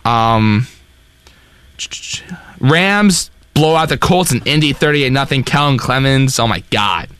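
Excitable young man co-hosting sports talk. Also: medium pitch, takes it slowly, long pauses, clean tone, no room sound. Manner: excitable, self-deprecating, many restarts. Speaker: sports talk show co-host. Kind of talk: casual sports radio chat.

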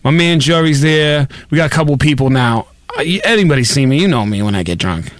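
A man hosting a podcast in casual chat, telling stories with animated bursts of ranting. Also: mid-range voice, fast talker, no echo. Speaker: podcast host.

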